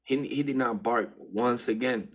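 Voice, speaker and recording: A man casually telling a personal story in loose street slang, dropping to a hush and then rising with excitement. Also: medium pitch, a little slow. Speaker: vlogger. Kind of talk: casual spiritual storytelling monologue.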